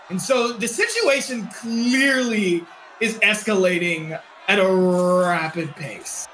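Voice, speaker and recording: Man running a tabletop game, very high lively voice, echoey room. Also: takes it slowly, a little hiss or hum. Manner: descriptive, dramatic narration. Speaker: game master.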